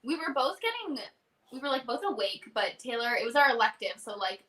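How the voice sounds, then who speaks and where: A woman's voice: fairly high pitch, very animated, fairly quick, distant mic, a crowd in the background. A young woman in her twenties, a singer guesting on a casual interview chat, telling stories and quoting her bandmate. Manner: chatty storyteller who quotes her bandmate. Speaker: country duo singer, guest.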